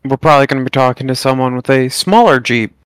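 A man's voice: mid-range voice, fast talker, clean tone, no room sound, low-quality recording. A man co-hosting a podcast, chatting casually in a laid-back way with some swearing. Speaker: podcast co-host. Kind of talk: casual chat.

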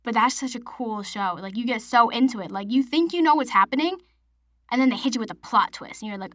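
A woman's voice: fairly high pitch, a little fast, a bit bright, no room sound, clean studio sound. A young woman from Massachusetts hosting her own podcast, chatting casually and rambling with lots of "like". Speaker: podcast host. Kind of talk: casual solo podcast chat.

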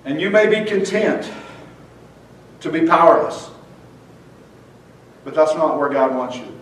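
A man's voice: fairly high pitch, animated, measured pace, a bit bright, slight background noise. A man preaching a fervent sermon as pastor, often repeating and restarting his words, in a church sanctuary. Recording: very echoey hall, mic far off.

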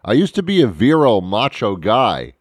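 A man's voice: medium pitch, wildly swooping pitch, moderate pace, no echo, studio quality. A man hosting a radio talk show, rambling and joking at his own expense. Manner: rambling, self-mocking, jokey. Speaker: radio host. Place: radio studio.

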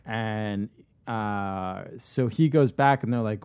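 A man on a podcast casually pitching a movie idea, rambling with lots of fillers and restarts. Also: slow, a little mellow, smooth, no room sound.

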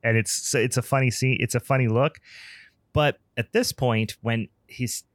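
A man's voice: mid-range voice, steady tone, unhurried, no echo, studio quality. A man co-hosting a podcast, retelling movie scenes in a casual, sarcastic way and laughing often. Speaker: podcast co-host. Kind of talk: casual film review chat.

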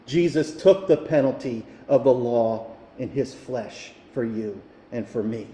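A man's voice: medium pitch, measured pace, dark tone, a little hiss or hum. Man preaching in an echoing hall. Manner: rising to fervent, emphatic preaching. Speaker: pastor. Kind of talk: sermon. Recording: echoey hall, reverberant.

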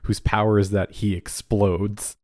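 A man with a somewhat low voice in a relaxed podcast chat. He makes deadpan cracks while retelling the plot. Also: unhurried. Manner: dry, joking asides. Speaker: podcast co-host. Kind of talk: casual chat recapping a TV episode.

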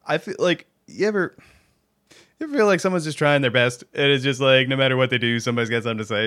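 A baritone man co-hosts a podcast in loose, casual chat. He rambles and hedges with many fillers, and he laughs often between his thoughts. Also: very animated, a little fast, a bit bright, clean tone. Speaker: podcast co-host.

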